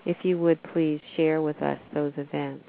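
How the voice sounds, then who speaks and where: A woman hosting an interview, asking polite and measured questions with small hesitations. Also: sits low, level tone, gravelly. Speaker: interview host. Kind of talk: radio interview. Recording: tinny phone-like radio audio.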